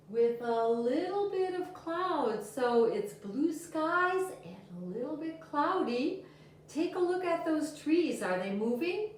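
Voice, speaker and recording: A woman teacher talks to young children in a gentle, sing-song way, her voice high and swinging widely up and down. She is slow and unhurried, heard from a step away from the mic in a very echoey room with a faint hiss behind her. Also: recorded from a distance. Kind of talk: video lesson for young children.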